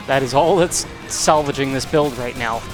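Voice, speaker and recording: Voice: medium pitch, moderate pace, over music. A gameplay commentator reacting with panicky outbursts and nervous laughs, counting attack timings aloud and catching their breath afterward. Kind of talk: live gaming commentary.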